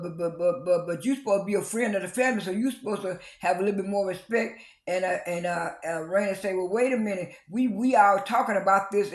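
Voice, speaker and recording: High-voiced man rambling through a recap. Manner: rambling, many repeated fillers and restarts; acts out quoted arguments with rising emphasis. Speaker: reality TV recapper. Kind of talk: casual episode recap. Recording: echoey room.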